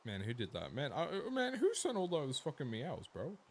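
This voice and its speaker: An Australian man talks loosely to his stream audience while he plays. His delivery is profane and erratic, mumbling one moment and yelling the next. His pitch is animated and lively, and his speed is unhurried. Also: slight background noise. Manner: loose and profane, swinging between mumbles and loud outbursts. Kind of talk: casual game-stream chat with viewers.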